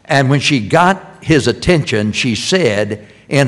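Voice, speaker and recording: An older man delivers a sermon in a church at an unhurried, deliberate pace. His voice sits in a middle pitch, and he leans on repeated phrases, rising to loud emphasis and then dropping to a hush. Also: lively intonation. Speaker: preacher. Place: church sanctuary.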